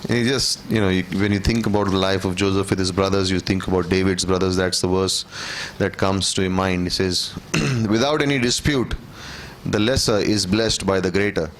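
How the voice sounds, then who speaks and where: A man teaching a church Bible class, reading scripture aloud and explaining it in a conversational way, often checking in with "okay?" and clearing his throat. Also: sits low, steady tone, normal speed, a little hiss or hum. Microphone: room microphone.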